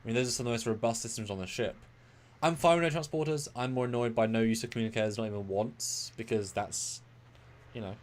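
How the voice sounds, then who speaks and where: A man's voice: mid-range voice, quick pace. A man co-hosting a live review stream, talking in rambling, analytical bursts that sometimes speed up. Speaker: co-host of a live review show. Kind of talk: casual live-stream discussion.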